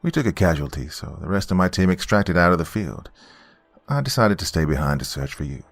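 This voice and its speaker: A man's voice: deep voice, expressive, brisk, creaky, no echo, faint music behind, heavily acted. A man voicing a big, stealthy, cocky Marine sniper with a laid-back, wry way of talking. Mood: calm.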